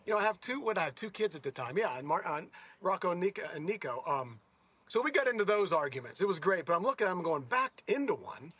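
A man's voice: high-pitched, fast, slightly rough. A man in his sixties telling rambling stories in a casual interview, correcting himself as he goes. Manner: rambling, self-correcting, animated. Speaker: golfer.

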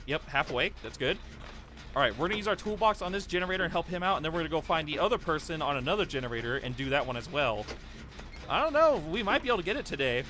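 Brief: young male gaming streamer, higher-pitched voice, excitable play-by-play, faint hiss behind. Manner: excitable, pleading and cheering during play. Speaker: gaming YouTuber. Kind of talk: live gameplay commentary.

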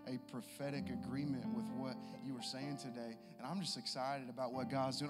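Man preaching in a booming church hall. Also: level tone, fairly quick, hardly any pauses. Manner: builds from conversational to shouting exhortation. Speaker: pastor. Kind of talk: sermon. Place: church sanctuary. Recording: long hall reverb with music. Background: live guitar and keys.

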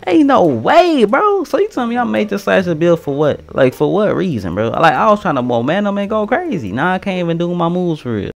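A young man giving casual, slangy gameplay commentary, trash-talking and swinging from mumbles to yells. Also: high voice, very animated, fast, gravelly, hardly any pauses, no room sound. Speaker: gaming streamer.

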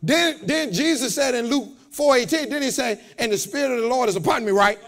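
A man preaching a sermon to a congregation in a call-and-response style, repeating phrases and building up to shouts. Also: very high voice, brisk. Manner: repeats words, talks straight to the congregation. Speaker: pastor. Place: church.

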